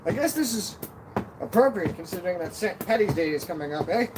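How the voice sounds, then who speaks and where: Chatty high-voiced man streaming outdoors. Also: animated, brisk. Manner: chatty, joking, self-deprecating. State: out of breath at times. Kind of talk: casual live-stream chat. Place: outdoors on a backyard deck. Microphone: camera on a stand. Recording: outdoor noise behind the voice. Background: birds and wind.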